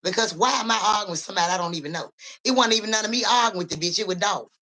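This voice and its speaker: A young woman live-streaming as a psychic reader, telling a story in animated, profane casual talk and speaking straight to her viewers. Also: medium pitch, rapid-fire.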